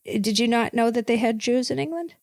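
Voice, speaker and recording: A woman's voice: on the high side, a little fast, creaky, dry recording, studio quality. A woman hosting a comedic podcast, rambling and gossipy, tacking "okay?" onto her points. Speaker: podcast host.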